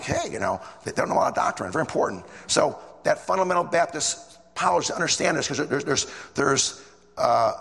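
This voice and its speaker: A man's voice: fairly high pitch, gravelly, a bit bright, big-room sound. A man preaching a sermon in a casual storytelling way, repeating phrases as he goes.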